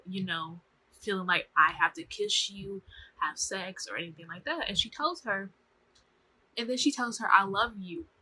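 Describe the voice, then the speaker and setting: A woman's voice: mid-range voice, slightly rough, rough recording. A young woman casually recapping a TV show to camera, chatty and slangy, acting out the characters' lines. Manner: chatty, slangy, animated, acts out quotes. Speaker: vlogger reviewing a TV show.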